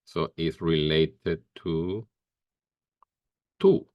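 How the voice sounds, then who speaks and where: Slow, deep-voiced male teacher. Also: no room sound, lo-fi sound. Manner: slow, careful explaining with pauses and fillers. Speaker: Spanish teacher. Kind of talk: grammar lesson.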